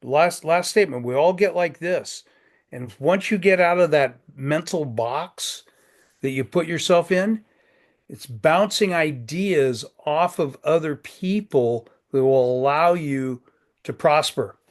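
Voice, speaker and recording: A man in his sixties hosts a business networking group over a video call. His voice sits a little high, and he talks in a folksy, joking way, often repeating himself. It sounds like a casual chat among regulars. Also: slow.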